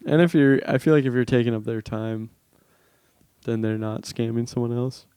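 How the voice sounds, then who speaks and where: A man's voice: mid-range voice, moderate pace, mellow, clear, resonant tone, no echo. A man who is a comedian, telling stories animatedly in a casual podcast chat and laughing often. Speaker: comedian guest.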